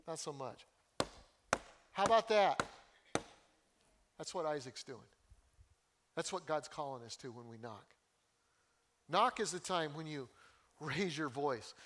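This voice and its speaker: An older male pastor preaches with folksy humor and passion. His voice sits fairly high for a man. He swings between warm joking and earnest pleading. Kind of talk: sermon.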